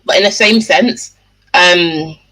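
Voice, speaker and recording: A woman's voice: on the low side, takes it slowly, sharp tone, low-quality recording. A woman guest in a casual book discussion, talking bluntly and with animation.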